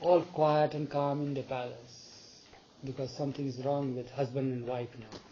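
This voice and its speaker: A man with a gravelly, very mellow voice tells a story to a gathered audience. He acts out the dialogue and turns to ask his listeners questions. The recording is dull and lo-fi, with a faint hiss underneath. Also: medium pitch, steady tone, normal speed. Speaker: speaker retelling a spiritual story.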